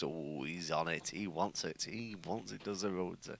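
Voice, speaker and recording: A man commentating live on a pool match, chatty and excitable as he reels off a run of scores. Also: low-pitched, measured pace, creaky, slight background noise.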